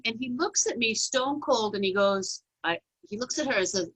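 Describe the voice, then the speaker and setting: A middle-aged woman comedian telling a funny story in a lively, laughing group chat. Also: fairly high pitch, a little fast, hardly any pauses, breathy edge, poor audio. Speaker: comedian guest.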